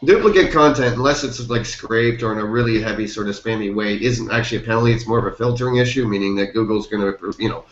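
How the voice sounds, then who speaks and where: A man's voice: on the low side, quick pace, few pauses, a little hiss or hum. A man hosting a casual group chat, loose and laughing, thinking aloud with lots of fillers. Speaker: chat host. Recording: echoey, dull call audio.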